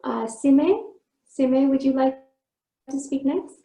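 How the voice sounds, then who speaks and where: A woman hosting an online memorial, gently inviting speakers one after another. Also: high voice, slow pace, creaky, roomy sound, soft background music, poor audio. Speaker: memorial host. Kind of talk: moderating a video call. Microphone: video call.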